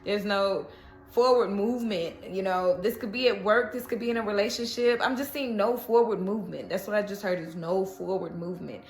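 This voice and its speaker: A woman's voice: medium pitch, steady tone, fairly quick, roomy sound. A woman giving a casual tarot reading, chatty and reassuring, often checking in with "okay?". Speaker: tarot reader.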